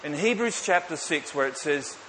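A man's voice: a little high, animated, moderate pace, bright, forceful tone. A man preaching a sermon, emphatic, with rhetorical questions to the congregation and light joking asides. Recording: echoey hall with faint hiss.

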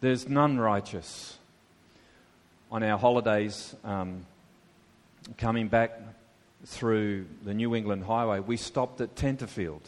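Pastor guy preaching slow, lots of rhetorical questions, big hall echo. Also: fairly low pitch. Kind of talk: sermon. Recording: long hall reverb.

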